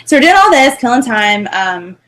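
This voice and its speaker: A woman's voice: fairly high pitch, very animated, moderate pace, fairly bright tone. A young woman co-hosting a podcast in casual chat, talking in a chatty, gushing way and giggling often. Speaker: podcast co-host.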